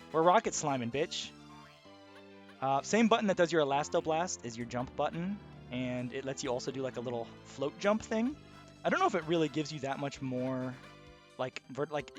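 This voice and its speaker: A man giving casual, excitable video game commentary, swearing freely. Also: fairly high pitch. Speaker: let's play host.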